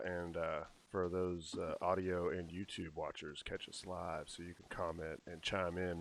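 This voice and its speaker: Very deep-voiced male co-host. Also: fairly bright tone, a little hiss or hum. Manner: halting, filler-heavy. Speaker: podcast co-host. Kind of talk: casual chat.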